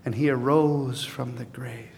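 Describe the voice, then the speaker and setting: A man preaching a sermon as pastor, earnest, swelling to emphatic peaks and then dropping to a softer, confiding tone. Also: medium pitch, fairly even intonation, measured pace, gravelly, in a large hall.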